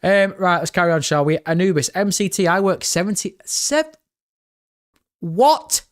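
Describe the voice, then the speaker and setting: A young British man live-streaming, chatting excitedly with his viewers and swearing freely. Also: high voice, brisk. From Britain. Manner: excitable, swears often, chats directly to viewers. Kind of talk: casual live-stream chat.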